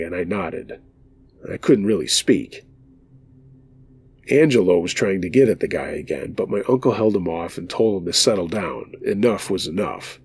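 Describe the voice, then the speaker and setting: Around an imagined campfire, a man with a low, gravelly, husky voice reads a scary story aloud. His telling is calm, measured, steady, and scripted.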